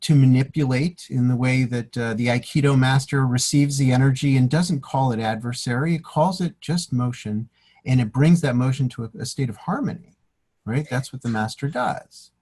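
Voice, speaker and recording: Husky guy musing thoughtfully in a casual chat. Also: medium pitch, moderate pace, a little mellow. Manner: reflective, affirming, thoughtful. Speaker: co-host.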